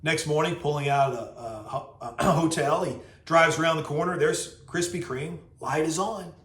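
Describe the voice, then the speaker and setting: Lively storytelling man in an echoey room. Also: on the high side, moderate pace. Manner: lively storyteller, acts out voices. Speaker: host. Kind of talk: casual storytelling vlog. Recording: roomy echo.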